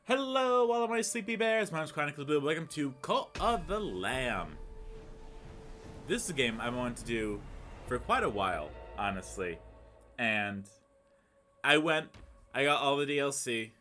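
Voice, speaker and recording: Bubbly young man with a bouncy, lively voice. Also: measured pace, pauses often, faint music behind. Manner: bubbly and playful, swinging in pitch. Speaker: gaming channel host. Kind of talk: let's play commentary.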